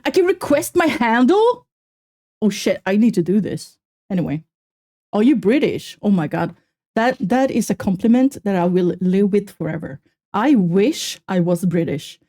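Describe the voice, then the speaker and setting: A woman streamer chatting casually with her viewers while reacting to a video, animated and self-mocking, with a slight Swedish accent. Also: mid-range voice, normal speed. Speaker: VTuber streamer.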